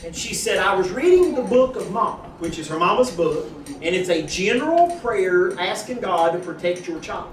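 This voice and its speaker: A man telling a folksy, animated testimony at a church gathering, acting out the voices in his story. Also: high-pitched, normal speed, hardly any pauses. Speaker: church member giving a testimony. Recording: echoey room, distant mic, audience noise.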